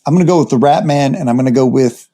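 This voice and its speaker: A man's voice: medium pitch, quick pace, dark tone. Easygoing man co-hosting a podcast. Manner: easygoing, laughs often. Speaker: podcast co-host. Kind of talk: casual podcast chat.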